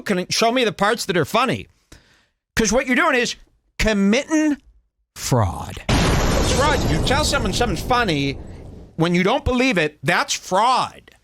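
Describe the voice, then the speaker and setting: Sarcastic ranting man, dry and lively. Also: a little high, dry recording. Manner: sarcastic, ranting, animated voice impressions. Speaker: commentary host. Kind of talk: mocking video commentary.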